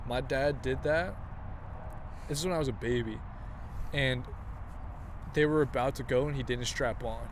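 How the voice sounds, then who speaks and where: A young man co-hosting a casual podcast chat, joking and trading quick banter. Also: medium pitch, slight background noise. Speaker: podcast co-host.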